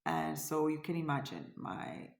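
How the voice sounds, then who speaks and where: Portuguese-accented woman, gravelly and low. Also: lively intonation, a little slow, echoey room. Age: middle-aged. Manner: hesitant, restarts often, searches for words. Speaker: cross stitch vlogger. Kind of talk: casual storytelling vlog.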